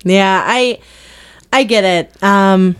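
A woman's voice: mid-range voice, slow, clean tone, dry recording. A woman chatting casually about TV shows, full of filler words and laughter. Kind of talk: casual chat.

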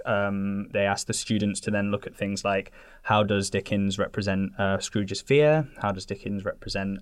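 A man's voice: on the low side, no echo, clean studio sound. A man co-hosting a podcast, explaining fluently and readily agreeing with the others. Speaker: podcast co-host from a film education group. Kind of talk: casual podcast discussion.

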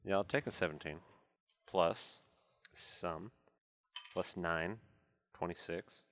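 A man's voice: low voice, slow, fairly bright tone. A man playing a tabletop game, giving short, matter-of-fact replies. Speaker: player. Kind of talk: casual tabletop game chat.

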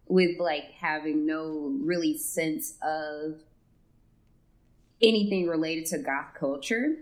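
A young woman co-hosting a laid-back film podcast. She speaks very slowly and haltingly, pausing between short phrases as she thinks. Her voice is slightly low. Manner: slow, halting, thoughtful. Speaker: podcast co-host. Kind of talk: casual film discussion.

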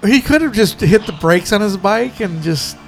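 Man, high voice, gravelly fry, casual chat, laughs a lot, faint music behind. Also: lively intonation, moderate pace. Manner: storytelling, laughs often. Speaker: co-host reacting to a film. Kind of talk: casual watch-along chat.

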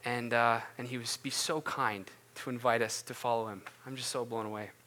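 Man, pastor, casual sermon and prayer, earnest, chatty, bright clear tone. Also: medium pitch, level tone, a little fast. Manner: earnest, conversational, many fillers and restarts.

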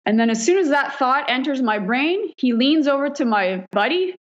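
A woman firefighter from Canada telling stories in a casual interview, frank and quick to laugh, swearing freely. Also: sits high, animated. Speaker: firefighter guest. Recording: dull lo-fi recording.

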